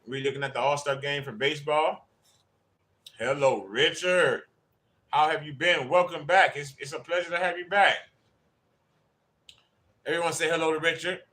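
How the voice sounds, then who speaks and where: A man's voice: a little high, normal speed, long pauses, bright, forceful tone. Chatty man hosting a fan livestream. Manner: chatty, greets viewers by name. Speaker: livestream host. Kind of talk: casual livestream chat.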